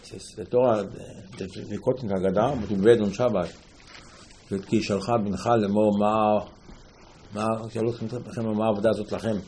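A man gives a storytelling Torah class in a warm, mellow voice. He keeps repeating key phrases for emphasis and slips Hebrew terms into his English. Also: fairly low pitch, steady tone, very fast, a little hiss or hum. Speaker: rabbi teaching Talmud.

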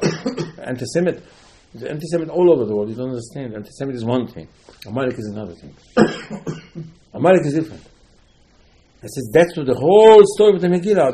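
A man's voice: fairly high pitch, expressive, a little fast, dark tone, rough recording. A man giving an informal religious talk, telling a story with many repetitions and emphatic rising outbursts. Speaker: religious teacher.

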